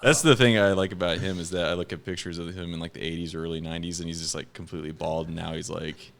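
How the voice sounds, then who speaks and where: A man's voice: low voice, fairly even intonation, fast, creaky, a bit bright, slight background noise. A man in casual podcast chat, joking loosely and leaning on fillers like "like" and "uh".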